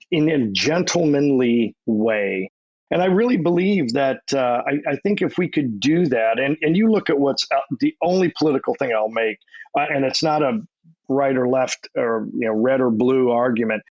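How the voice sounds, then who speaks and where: A man's voice: medium pitch, dry recording, highs cut off. A middle-aged man, a podcast guest, telling anecdotes in a loose, rambling way, restarting and repeating his words often. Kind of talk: casual interview storytelling.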